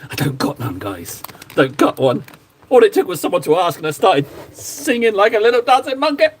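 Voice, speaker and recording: A man's voice: high voice, very animated, a little fast. A man hosting a casual livestream, reading chat aloud with playful, self-mocking banter. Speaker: livestream host painting miniatures.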